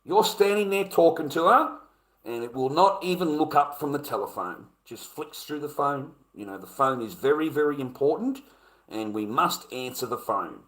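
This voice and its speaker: A man's voice: medium pitch, expressive, moderate pace, fairly bright tone. An Australian man livestreaming, ranting in a blunt, profane way and repeating his points. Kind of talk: casual live stream rant.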